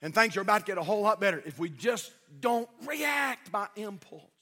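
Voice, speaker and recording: A pastor, a man, preaches from the pulpit in a strikingly high voice. His tone is bright and forceful, and he animates stories with mimicked voices, swinging from loud exhortation to hushed tenderness. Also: very animated, brisk, slightly rough, long reverb tail. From United States. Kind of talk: sermon. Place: church sanctuary.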